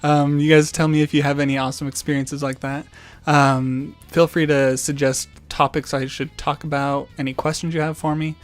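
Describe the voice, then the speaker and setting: Casting: young guy hosting his channel, relaxed rambling storyteller, faint music bed. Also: a little high, moderate pace. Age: young adult. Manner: rambling, many ums and restarts. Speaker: gaming channel host. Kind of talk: casual storytelling vlog.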